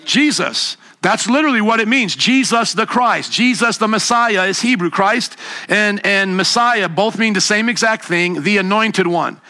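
A man preaching with emphasis, his voice sitting high for a man. The tone is bright and forceful, and he sometimes slips into a mocking higher pitch to mimic scoffers. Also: moderate pace. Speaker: pastor. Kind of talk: sermon.

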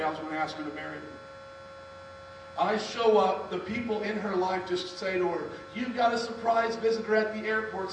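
Male pastor, high voice, storytelling sermon, booming hall sound, mic well off, low mains hum. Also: recorded from a distance. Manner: storytelling preacher, calls on the congregation to respond.

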